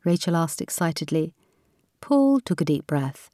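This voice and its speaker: A woman reading a novel aloud in a calm storytelling manner. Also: low voice, unhurried, no echo, clean studio sound. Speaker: narrator. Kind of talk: audiobook narration.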